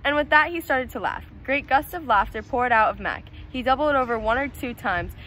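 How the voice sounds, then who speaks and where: Woman, storybook read-aloud, expressive, slightly high, faint noise behind. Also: low-quality recording. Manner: slow, expressive reading. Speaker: student reader.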